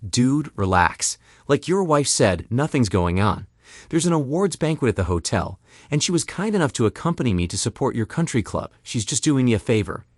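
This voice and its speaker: A man's voice: medium pitch, very animated, moderate pace, no room sound, studio quality. A man doing a cocky, drawling lover. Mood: dismissive. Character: cocky young male tennis-playing lover.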